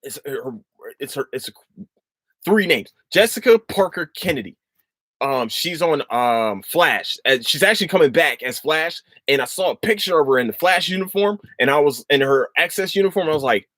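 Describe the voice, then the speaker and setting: A man hosting a casual podcast, talking in a loose, profane ramble full of restarts. His fairly high voice swings widely up and down as he gets worked up. The sound is close and dry, with no room echo. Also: lively intonation, moderate pace, fairly bright tone. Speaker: podcast host.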